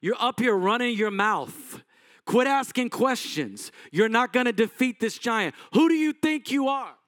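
A man's voice: very high voice, lively intonation, unhurried, dry recording, clean studio sound, voice pushed up, exaggerated voice. A man voicing a battle-worn older brother who mocks and scolds his young sibling. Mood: scornful. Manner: mocking and scolding, rising loud.

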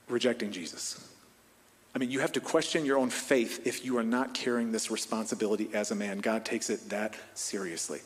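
A man in his thirties preaching in a large church, his voice trailing a long reverb through the hall. He drops to a hushed, slow delivery, then builds to loud, emphatic peaks. His pitch sits in the middle range for a man. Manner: preaching with strong swings in volume, from hushed to loud. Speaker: pastor. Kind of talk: sermon.

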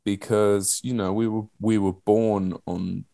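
A man in his thirties, a guest telling stories in a casual, animated way, swearing and using lots of fillers. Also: lowish voice, unhurried, vocal fry, dry recording. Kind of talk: casual conversational storytelling.

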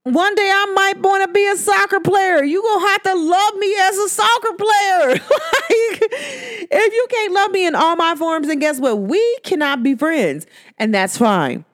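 A young adult woman hosting her own podcast, talking casually and sassily, laughing often and swinging between high and low tones. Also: measured pace, a bit bright. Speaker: podcast host. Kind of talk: casual solo podcast monologue.

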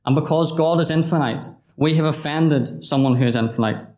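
An earnest male preacher delivering a gospel message, his voice a little higher than most men's. He presses his point on the listener directly, and the room around him rings with echo. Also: a little fast, darkish tone. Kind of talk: gospel sermon. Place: gospel hall. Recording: roomy hall echo.

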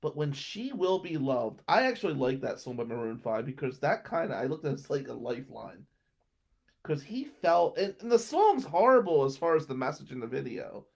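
A man's voice: on the high side, sing-song, normal speed, creaky. A young man telling a rambling personal anecdote and laughing between lines. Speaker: storyteller. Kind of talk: casual anecdote.

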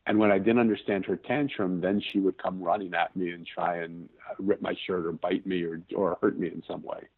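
Husky-voiced man on a tinny line. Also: deep voice, fairly even intonation, fairly quick, few pauses. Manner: earnest, searching for words, restarts sentences. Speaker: podcast guest. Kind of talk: reflective personal storytelling.

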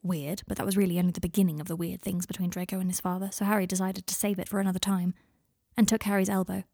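A woman narrating an audiobook of fan fiction with even, intimate storytelling. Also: fairly low pitch, fast, vocal fry, breathy edge, dry recording, clean studio sound.

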